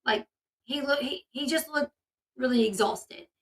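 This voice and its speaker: A woman's voice: high-pitched, unhurried, far from the mic, low-quality recording. A woman hosting a casual commentary video, chatty and opinionated with many fillers. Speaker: commentary channel host.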